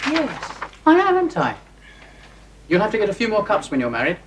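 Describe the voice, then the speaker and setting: A wry young brother grumbles dryly in a 1970s period drama. His pitch moves about a lot, and a clear hiss runs through the old television recording. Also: huge pitch swings, fairly quick. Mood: grumbling. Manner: dry and grumbling. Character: wry young man, the writer's brother Fred.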